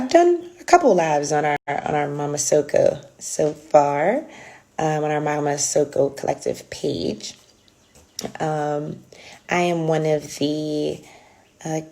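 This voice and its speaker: Low gravelly-voiced woman hosting a livestream. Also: dark tone, slight background noise. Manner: chatty, many ums and restarts. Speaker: livestream host. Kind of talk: casual livestream chat. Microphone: phone held close.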